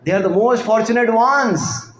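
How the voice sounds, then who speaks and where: A man voicing a stern old saint, high and echoey. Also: normal speed, fairly bright tone, slight background noise.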